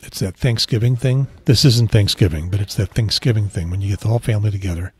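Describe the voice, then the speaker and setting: A man hosting a casual solo podcast, talking in a quiet, rambling way that often corrects itself. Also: fairly low pitch, fast talker, husky. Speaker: podcast host. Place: outdoors on a beach trip.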